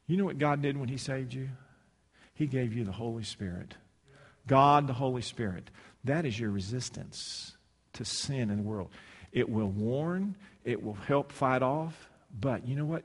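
A man's voice: mid-range voice, a little slow. Man preaching in a reverberant hall. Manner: storytelling with humor and sudden shouted quotes. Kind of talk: sermon with personal story.

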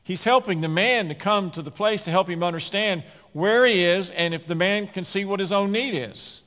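A male pastor delivering a sermon, swinging between emphatic loud passages and hushed quiet ones. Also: sits high, moderate pace. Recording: long reverb of a large hall.

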